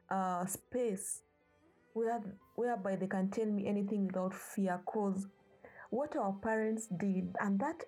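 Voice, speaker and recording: A woman's voice: medium pitch, mellow, husky, low-quality recording. A young woman from Africa speaking earnestly and passionately about her views, pleading with parents. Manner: impassioned, pleading. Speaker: speaker sharing personal views. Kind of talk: earnest personal talk.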